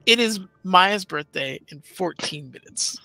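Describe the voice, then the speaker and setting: A man's voice: high voice, animated, a little slow, vocal fry, sharp tone, no room sound, rough recording. A man playing a tabletop game, joking and rambling with the other players. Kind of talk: casual tabletop game chat.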